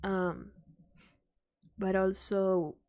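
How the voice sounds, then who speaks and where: A young woman streaming a casual reaction chat, rambling with many fillers and soft sighs. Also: medium pitch, flat delivery, extremely slow.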